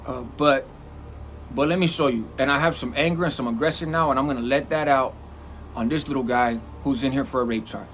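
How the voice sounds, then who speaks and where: Animated man telling a prison story. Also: medium pitch, fairly quick, a little hiss or hum. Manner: animated, profane, acts out quoted lines. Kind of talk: casual storytelling.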